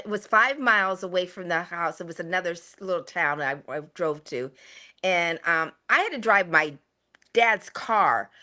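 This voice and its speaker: A woman in her sixties, a mother telling family stories in a casual chat, laughing often. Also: on the low side. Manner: animated, laughing storyteller. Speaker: guest, the host's mother.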